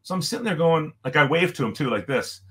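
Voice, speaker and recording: A man's voice: a little high, fast talker. A middle-aged man from Jamaica, a former pro hockey player, telling a long story in casual talk and acting out what people said. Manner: animated storyteller, acts out quotes, many restarts.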